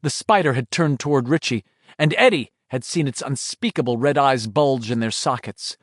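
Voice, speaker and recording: A man's voice: medium pitch, moderate pace, dry recording, studio quality. A man reading a horror audiobook aloud in dramatic scripted narration. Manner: dramatic, shifting delivery.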